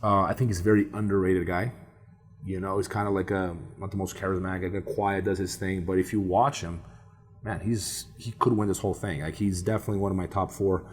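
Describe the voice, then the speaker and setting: A man's voice: low-pitched, flat delivery, a little fast, slightly rough. A man co-hosting a podcast, talking casually and rambling, full of fillers like "man". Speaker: podcast co-host. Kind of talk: casual chat.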